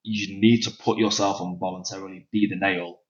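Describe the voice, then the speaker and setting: Lower-voiced casual Mancunian host. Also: male voice, flat delivery, a little fast. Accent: Northern English, Manchester. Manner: casual, swears, laughs easily. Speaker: podcast host and grappling coach. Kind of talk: casual chat. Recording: dull lo-fi sound.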